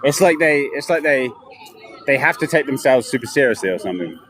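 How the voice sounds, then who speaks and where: Out on city streets with a handheld camera, a man live-streams as he walks, rambling casually and telling stories. His mid-range voice is expressive and fairly quick, with background noise around him.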